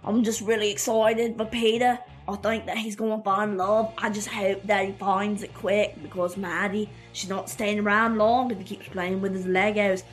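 A woman's voice: medium pitch, little pitch movement, normal speed, hardly any pauses, soft background music, lightly acted. A woman putting on a playful fake Australian voice that keeps slipping toward other accents. The delivery is jokey and loose, with a light musical bed under it. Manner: joking, drifting between accents. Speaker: podcast co-host.

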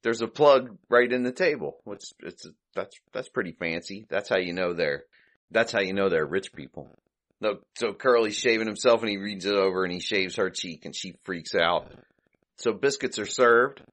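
A man's voice: fairly low pitch, normal speed, a bit bright. A man hosting a podcast, casually recapping an old comedy short, chuckling and thinking aloud as he goes. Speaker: podcast host.

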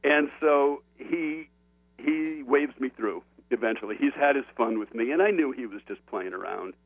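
Male guest storyteller, animated and chatty, dry narrow phone sound. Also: medium pitch, normal speed, no echo. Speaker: author and guest. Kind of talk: casual anecdote telling. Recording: dry tinny phone line.

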